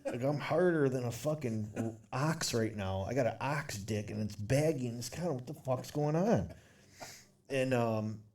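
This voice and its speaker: A man's voice: medium pitch, a little slow, a little mellow, distant mic. A young man co-hosting a podcast, telling a long story in a rambling, profane way and laughing as he goes. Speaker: podcast co-host. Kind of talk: casual storytelling chat.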